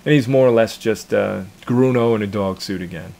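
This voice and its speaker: A man's voice: on the low side, a little fast, creaky, mellow. A man in his thirties, a cartoon creator casually chatting in an interview, rambling and repeating his words with chuckles.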